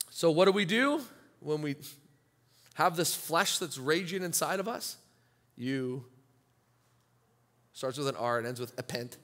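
Animated, bright-voiced male pastor. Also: on the high side. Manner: animated, acts out congregants' inner voices. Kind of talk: sermon.

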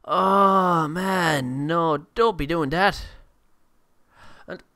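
A man joking his way through a video game, muttering quietly, then breaking into excited outbursts. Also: medium pitch, normal speed, no echo, clean studio sound. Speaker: gameplay commentator. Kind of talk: let's play commentary.

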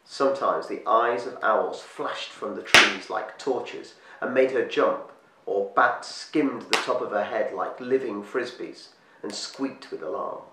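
A man reading a storybook aloud as storyteller, slowing and hushing his voice for eerie moments. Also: fairly low pitch. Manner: slows and hushes for eerie moments. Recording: echoey room, distant mic, faint hiss.

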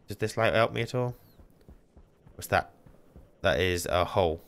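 A young man running frantic solo commentary on a game, talking to himself and repeating words fast. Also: sits low, fairly bright tone, clear, resonant tone. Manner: panicky, talks to himself, repeats words rapidly. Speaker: gaming channel host.

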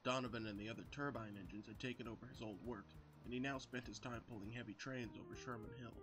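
A man narrates a children's storybook tale in an even, steady way. Music plays clearly behind him. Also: mid-range voice, quick pace. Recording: with background music.

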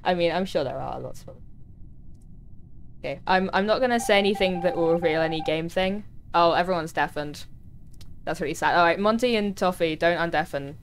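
A woman's voice: brisk, a little hiss or hum. A woman streaming a game, chatting casually with her viewers and teammates. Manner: chatty, talks to chat, voice jumps high when touched. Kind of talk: casual gaming livestream chat.

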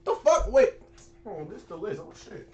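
A young man hosting a reaction video, talking in casual slang with loud, excitable outbursts and frequent swearing. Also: high voice, moderate pace, muffled recording.

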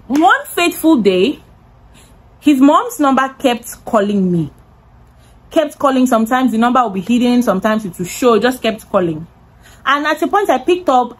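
Young woman, Nigerian accent, story time vlog, dramatic repetition, husky voice. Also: fairly high pitch, rough recording. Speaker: vlogger.

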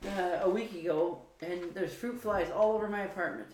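A man's voice: sits high, normal speed, darkish tone. A tipsy man, co-hosting a livestream in casual banter, rambling, giggly and swearing often. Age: 30s. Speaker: co-host. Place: small apartment. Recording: roomy apartment recording with faint noise.

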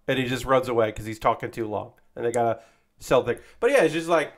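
A man's voice: medium pitch, fast. A man chatting casually on his livestream, rambling and swearing freely, full of restarts and enthusiasm. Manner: rambling, profane, enthusiastic about wrestling; frequent fillers and restarts, acts out quotes animatedly. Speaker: streamer.

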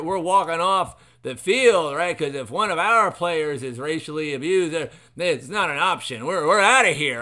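His voice is a little high, bright and forceful. This man hosts a talk show alone, riffing sarcastically and rambling with lots of fillers as he reads from an article at his computer.

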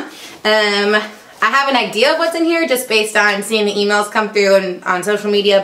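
A woman's voice: mid-range voice, a bit bright. Chatty young woman in an echoey room. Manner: chatty, upbeat, lots of ums. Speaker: vlogger. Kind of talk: casual unboxing vlog. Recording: echoey room, faint noise.

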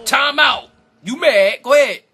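A man's voice: extremely high pitch, a little slow, bright, forceful tone, faint music behind. Hyped trash-talking young man gaming. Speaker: gaming YouTuber. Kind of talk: live gameplay commentary.

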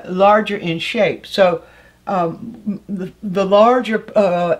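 An older woman giving a casual art lesson as a teacher, talking in a thoughtful, conversational way with frequent fillers and restarts. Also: mid-range voice.

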